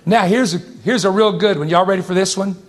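A man preaching a sermon to his congregation, animated, breaking into high exclamations and laughing as he talks to the crowd. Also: a little fast, a little hiss or hum.

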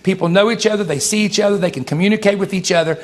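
Animated preacher man, high voice. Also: racing. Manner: animated, jumps to high exclamations and laughs, addresses congregation. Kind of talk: sermon.

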